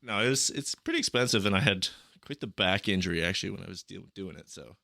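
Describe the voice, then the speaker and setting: A man's voice: deep voice, lively intonation, fast talker, creaky, sharp tone, no room sound, studio quality. A young man telling travel stories on a podcast in a rambling, profane, casual way. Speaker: podcast guest.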